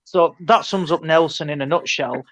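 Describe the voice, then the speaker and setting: A man's voice: on the high side, moderate pace, fairly bright tone. A man telling stories in casual podcast banter, hesitant with many fillers. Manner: hesitant, filler-heavy storytelling. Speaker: podcast co-host.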